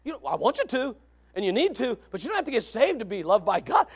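A man preaching a sermon, moving from quiet asides to shouted exclamations and reading scripture aloud. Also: very high voice, huge pitch swings, fast, gravelly, breathy edge. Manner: reads scripture in old-fashioned wording. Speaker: pastor. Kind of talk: fiery sermon.

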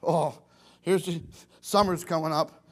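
A middle-aged preacher with a high voice for a man. He preaches in a folksy, animated way, acting out the voices of the people he talks about. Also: measured pace. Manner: folksy, animated, acts out quotes. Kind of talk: sermon.

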